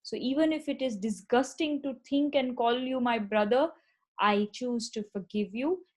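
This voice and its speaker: A woman teacher, explaining a play line by line, reading the quoted verse slowly and more loudly, then paraphrasing it with fillers. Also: on the high side. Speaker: literature teacher.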